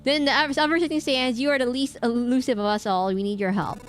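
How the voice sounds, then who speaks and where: A woman's voice: high voice, fairly even intonation, quick pace, slight background noise, natural voice. A woman voicing an ancient sand spirit bound by magic, reading its lines solemnly.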